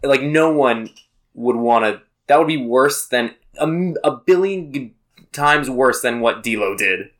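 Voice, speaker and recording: A man's voice: mid-range voice, expressive, a little slow, a bit bright. A young man co-hosting a casual podcast, joking and hesitant with stumbling restarts. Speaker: podcast co-host. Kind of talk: casual chat.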